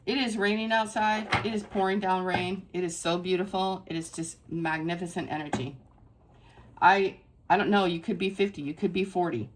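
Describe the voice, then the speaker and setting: A woman's voice: on the low side, steady tone, normal speed, background noise. Effusive woman giving a tarot reading. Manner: effusive and emphatic, repeating phrases for stress. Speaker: tarot reader. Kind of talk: casual spiritual tarot reading to camera.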